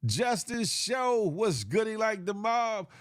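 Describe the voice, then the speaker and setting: A man's voice: high-pitched, sing-song, slow pace, no echo, clean studio sound. A man hosting a casual morning livestream show, giving a repetitive, motivational rant full of slang and laughter.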